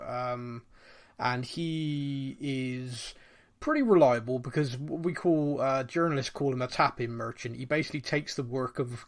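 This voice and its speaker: A man co-hosting a casual podcast chat, animated and laughing, slipping into quick mock voices. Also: medium pitch. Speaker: podcast co-host.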